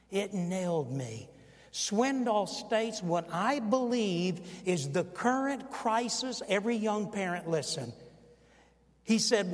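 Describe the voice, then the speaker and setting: An older male pastor in his sixties delivers a sermon in a high, ringing voice. He preaches with force, pushing his voice up when quoting and dropping it low and quiet for asides. His words trail off into the long reverb of a large sanctuary.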